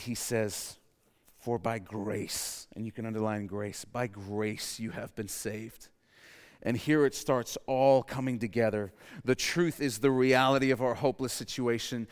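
Guy preaching a sermon, gets all fired up then real quiet, big echoey church hall. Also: medium pitch. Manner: impassioned, swings from hushed to loud. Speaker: pastor.

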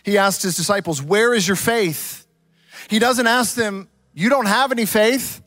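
A man preaching a sermon, telling a story dramatically and swinging from loud to hushed. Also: high voice, a little slow, no echo, studio quality, soft background music. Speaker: pastor.

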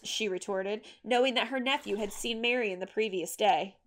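A woman reading a history story as scripted narration, measured and steady. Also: mid-range voice.

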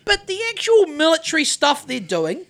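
A woman's voice: sits high, sing-song, normal speed, creaky, a bit bright. A woman co-hosting a casual chat podcast from a couch, rambling and swearing, restarting sentences, close to a phone mic. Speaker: podcast co-host. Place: living room couch. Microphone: phone held close to her.

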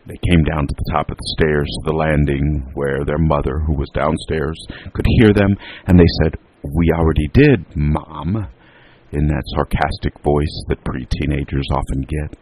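A man telling a homely family story in an unhurried, drawn-out way. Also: very deep voice, steady tone, darkish tone, slight background noise, rough recording. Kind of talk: storytelling narration.

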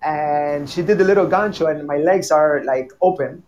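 Guy telling tango class stories, laughs a lot, kinda high voice, stumbles and repeats words. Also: moderate pace, lo-fi sound, slight background noise. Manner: animated storyteller, laughs often, repeats words. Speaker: tango teacher and guest. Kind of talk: casual chat.

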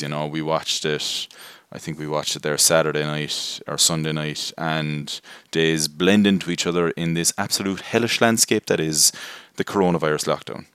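Very deep-voiced man reviewing films. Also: fairly bright tone, clean tone, dry recording. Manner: rambling, self-deprecating, many fillers. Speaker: film review podcast host. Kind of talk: casual spoken movie review.

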